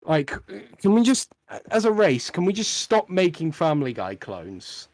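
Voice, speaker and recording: A young man with a slightly higher voice talks in a blunt, sweary rant. The sound is dry and close, with no room around it. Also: very animated, measured pace, darkish tone, no echo. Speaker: podcast co-host. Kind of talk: casual podcast chat.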